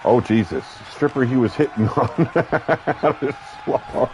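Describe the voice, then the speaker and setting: A man calling a wrestling match play-by-play, brash and crude, with sudden shouted bursts of excitement. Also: mid-range voice, a little slow, noisy background. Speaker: wrestling commentator. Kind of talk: play-by-play commentary. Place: seated at a ringside commentary table.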